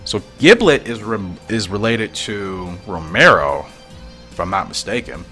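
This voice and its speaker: A man's voice: fairly low pitch, expressive, unhurried, bright, forceful tone, faint music behind. A man reading a fan comic aloud and thinking aloud in a musing, often puzzled way. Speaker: comic reader and reactor.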